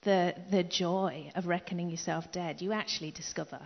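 A middle-aged woman preaching a sermon in an emphatic way, repeating key phrases and dropping into soft asides. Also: lowish voice, fairly even intonation, moderate pace. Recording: dull echoey hall recording.

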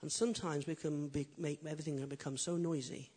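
Husky high-voiced pastor preaching. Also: male voice, a little fast. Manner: animated preaching, swinging from loud emphatic lines to quiet intimate ones; humorous storytelling. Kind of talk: sermon.

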